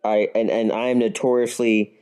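A man's voice: lowish voice, flat delivery, normal speed, a crowd in the background. A man playing a tabletop game, chatting casually and joking. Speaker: player.

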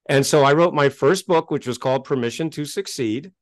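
A middle-aged man speaks as a podcast guest with a voice pitched a little high. He tells his story in an animated, emphatic way and gets worked up. The sound is dry and close, with no room around it. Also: fairly quick, no room sound. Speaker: interview guest.

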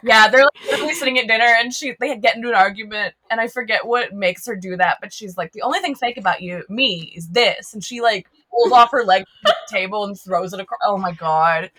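A woman's voice: mid-range voice, fast, bright, forceful tone. A young woman hosting a casual film podcast, chatty and giggly, with lots of "like" fillers. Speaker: podcast host.

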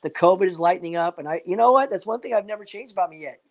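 His high voice races along, animated, though the audio sounds dull. He's chatting casually and upbeat, rambling with fillers and pep-talk asides, repeating "man" and "you know what" over and over.

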